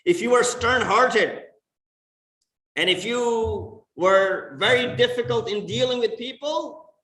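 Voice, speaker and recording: Emphatic preacher in an echoey mosque. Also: male voice, very high voice, slow, bright, forceful tone. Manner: emphatic, rising and falling for stress. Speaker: imam. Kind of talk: sermon. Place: mosque hall. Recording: echoey mosque hall from far off.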